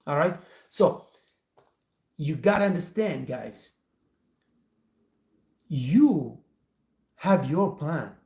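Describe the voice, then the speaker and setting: A man hosting a training channel as a restaurant trainer tells a motivational story, speaking straight to his viewers in emphatic, non-native English. His voice is a little high, expressive, and dark in tone, extremely slow with long pauses, in an echoey room.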